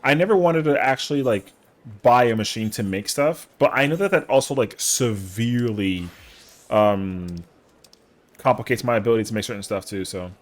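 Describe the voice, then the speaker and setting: A young man with a medium-pitched voice talks at a normal speed while streaming an online game. He chats casually, cracking playful, boastful jokes packed with slang.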